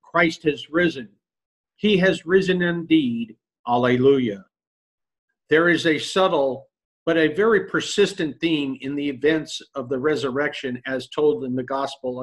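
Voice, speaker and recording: A male pastor giving a sermon in a measured, earnest preaching manner. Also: medium pitch.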